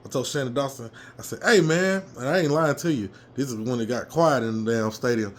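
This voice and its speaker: A man telling a fired-up story from a football game he attended, his voice a little hoarse, swearing freely and jumping into loud reenactments. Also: medium pitch, fast, slight background noise. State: slightly hoarse. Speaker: fan commentator. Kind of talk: casual fan rant.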